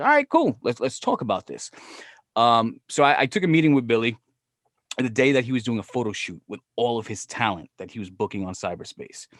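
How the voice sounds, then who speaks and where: A man spins a long story in loose, swearing podcast chat, slipping into the voices of the people he quotes. His voice sits at a middle pitch, and the recording is dry and close, with no room sound. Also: no echo. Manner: profane, animated, quotes himself and others. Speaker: podcast guest. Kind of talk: casual storytelling.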